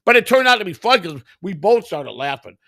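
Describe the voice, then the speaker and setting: Gravelly, profane man telling a story. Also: sits high, brisk. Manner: profane, animated, acts out other people's voices in quotes. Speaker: podcast host. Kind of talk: crude comedic storytelling.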